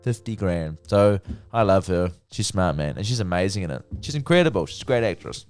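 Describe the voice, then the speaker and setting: A man's voice: sits low, very animated, fairly quick, a little mellow, smooth, faint music behind. A young man casually reviewing a TV show, chatty and swearing freely. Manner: chatty, swears freely, acts out characters' lines. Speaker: TV review vlogger.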